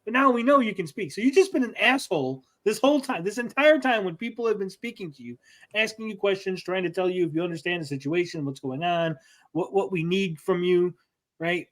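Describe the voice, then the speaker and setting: A man's voice: sits high, a little fast, fairly bright tone. A man hosting a casual comic book review, retelling the plot with sarcastic asides.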